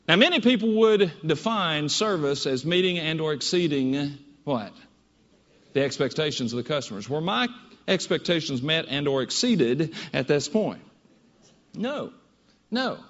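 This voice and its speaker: A man giving a keynote talk, telling a story in an animated, conversational way. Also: a little high. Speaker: keynote speaker. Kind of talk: storytelling presentation. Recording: dull audio in a reverberant hall.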